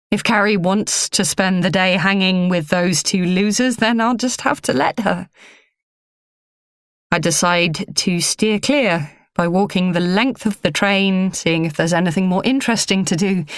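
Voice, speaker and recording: A woman reading a first-person audiobook in a measured, low-key delivery. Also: no echo, studio quality. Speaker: audiobook narrator.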